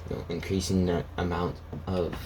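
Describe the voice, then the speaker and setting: A man telling a made-up fan story off the cuff, rambling and halting, voicing the characters' lines as he goes. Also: low voice, little pitch movement, background noise. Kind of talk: improvised fan story narration.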